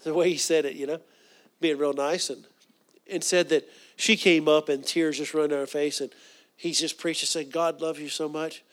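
A man preaching a sermon in a folksy, earnest way, with asides and restarts, dropping to a soft hush for quoted prayers. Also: on the high side, steady tone, moderate pace.

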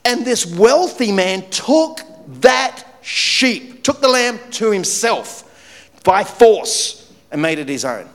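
A man preaching a sermon, telling a story with lively shifts between loud punchy lines and low, quiet, weighty ones. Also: slow pace, in a large hall. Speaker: pastor.

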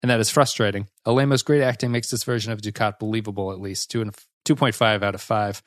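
A man's voice: fairly low pitch, fairly even intonation, fast talker, no room sound, studio quality. A man co-hosting a podcast, critiquing an episode in casual chat with a wry, sarcastic edge. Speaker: podcast co-host.

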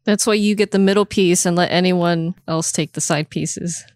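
A woman co-hosting a casual podcast, speaking in a relaxed, matter-of-fact way. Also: on the low side, moderate pace, dry recording. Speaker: podcast co-host.

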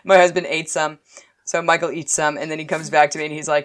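A woman with a notably low, deep voice talks in a loose, chatty way. She tells lively stories about everyday things and often breaks into laughter. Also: fast talker. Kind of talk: casual chat.

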